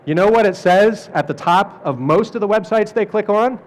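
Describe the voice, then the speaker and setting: Middle-aged male presenter, fairly high voice, jokey lecture delivery that slips into voices for quotes. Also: moderate pace. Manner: animated, jokey, acts out quoted people. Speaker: speaker at an art fair talk.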